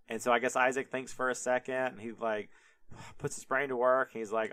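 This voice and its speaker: Rambling, laughing young podcast host. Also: male voice, mid-range voice, level tone, a little fast, a bit bright, no room sound. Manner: rambling, full of "like", laughs often. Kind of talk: casual comic retelling.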